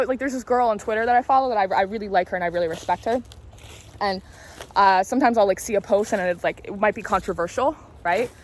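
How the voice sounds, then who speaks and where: This woman in her late twenties, a tarot reader and spiritual vlogger, talks while walking in a casual vlog, rambling candidly, confiding and now and then swearing. Her voice is medium-pitched, with a little hiss or hum in the audio.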